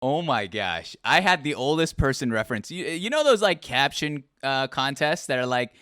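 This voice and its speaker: A man hosting a casual interview podcast, asking questions in lively bursts with frequent restarts. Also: fairly high pitch, moderate pace, hardly any pauses, dry recording, studio quality. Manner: animated, talks in bursts with restarts and laughs. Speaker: podcast host.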